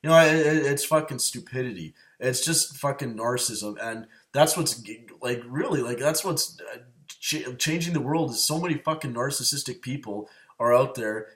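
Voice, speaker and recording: A man's voice: mid-range voice, normal speed, fairly bright tone. A man ranting in a rambling, agitated way, swearing constantly and repeating himself as he tells of grudges. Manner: profane, agitated, repetitive. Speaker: show host. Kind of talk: rambling personal rant.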